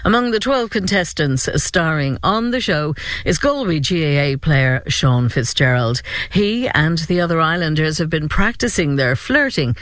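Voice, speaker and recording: An Irish man reading the radio news in a brisk, measured way. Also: fairly high pitch, lively intonation, a bit bright, dry recording. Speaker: newsreader.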